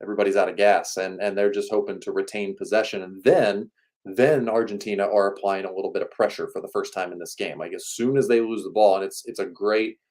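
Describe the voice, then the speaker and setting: A man's voice: lowish voice, steady tone, darkish tone. A man co-hosting a watchalong from a remote location, giving casual, talkative tactical analysis with a dry joking streak. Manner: fast, talkative, dryly joking. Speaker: co-host and soccer analyst. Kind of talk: casual analysis over a video call. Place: Kansas City, joining remotely.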